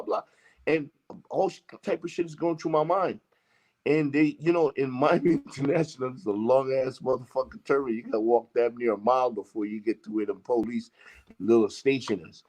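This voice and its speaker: A man's voice: medium pitch, a little fast, darkish tone. A man from Jamaica, a guest telling a long story in casual, profane talk and acting out the lines of the people in it. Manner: profane, emphatic, acts out quoted exchanges. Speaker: interview guest.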